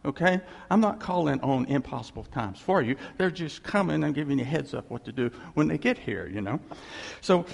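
A male pastor preaches with a gravelly, husky voice and a pitch that rises and falls a lot. He talks casually and wryly, often acting out God's words in a relaxed way. His voice carries a long reverb from a large hall. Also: a little fast, few pauses. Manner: conversational, wry, quotes God in a casual voice. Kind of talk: sermon.

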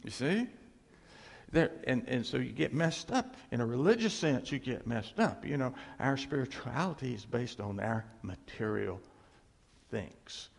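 Gravelly-voiced man preaching in a hall. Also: medium pitch, measured pace. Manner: animated, laughs often, drops to a hush on key phrases. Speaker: pastor. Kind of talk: sermon. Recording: long hall reverb.

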